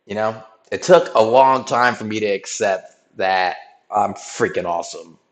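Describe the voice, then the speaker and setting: A man with a lowish voice tells a long story to his stream. He talks in loose slang and keeps checking in with "right?" and "bro", jumping up high when he quotes people. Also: unhurried. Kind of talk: casual storytelling recap.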